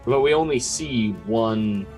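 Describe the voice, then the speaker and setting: A man's voice: medium pitch, takes it slowly, a little mellow, soft background music, poor audio. A man playing at a tabletop game, asking the game master careful questions. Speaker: player. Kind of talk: casual chat at a game table.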